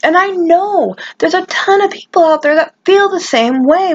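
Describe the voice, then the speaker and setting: Woman vlogger, high voice, earnest and emphatic monologue, lo-fi audio. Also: normal speed, few pauses. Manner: passionate and emphatic, with restarts. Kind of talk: personal vlog monologue.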